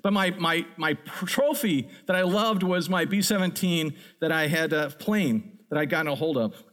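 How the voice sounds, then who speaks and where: A middle-aged man preaching a sermon, telling a childhood story in an animated, storytelling way. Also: a little high, normal speed. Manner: animated storyteller, builds to excited peaks. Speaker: pastor.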